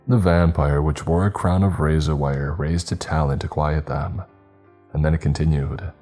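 A man narrating a horror story in a slow, grave, measured way. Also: extremely low pitch, fairly even intonation, dark tone, soft background music.

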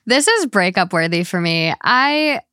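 A young woman hosting a podcast in casual chat, blunt and quick to swear. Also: medium pitch, very animated, sharp tone, smooth, no echo, clean studio sound. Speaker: podcast host.

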